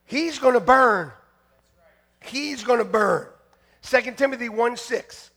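High-pitched gravelly guy preaching, fired up and shouty, jokes around. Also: takes it slowly. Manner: shouting, fiery, jokey preaching. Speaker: pastor. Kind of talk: sermon. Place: church sanctuary.

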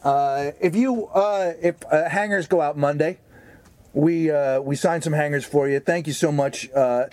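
Guy cohosting a podcast, kinda high voice, swears a lot, rambles with lots of uhs, dry mic. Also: measured pace, a little mellow, dry recording. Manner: profane, rambling, lots of fillers. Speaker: podcast co-host. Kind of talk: casual comedic banter.

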